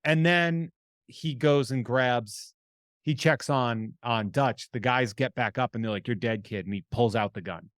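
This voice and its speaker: A man co-hosting a podcast, recapping a film in an animated way, swearing freely and voicing the characters' lines. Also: unhurried, dry recording, studio quality. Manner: animated, jumps into high pitch for quoted characters, swears freely. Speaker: podcast co-host. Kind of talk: casual chat recapping a film.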